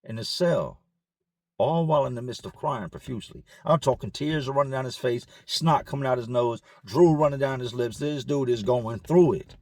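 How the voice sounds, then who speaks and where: A man telling a personal story in a casual, animated vlog style, recorded in his car. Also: medium pitch, normal speed, dry recording, clean studio sound. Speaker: vlogger.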